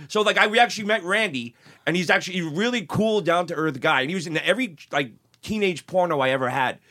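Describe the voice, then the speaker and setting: A man's voice: high-pitched, fast, pushed and bright. A man hosting a casual chat, blunt and joking, with many fillers.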